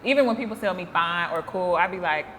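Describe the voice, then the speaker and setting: A woman's voice: lowish voice, fast talker, fairly bright tone, long reverb tail, a little hiss or hum. A woman, a podcast guest, chatting casually in a reflective, earnest way. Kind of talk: casual chat.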